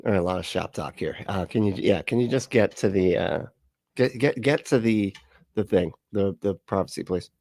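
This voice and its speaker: A man's voice: fairly low pitch, moderate pace, a little mellow, no echo. Sarcastic, mocking man commentator. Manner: mocking, profane, laughing often. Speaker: livestream commentator.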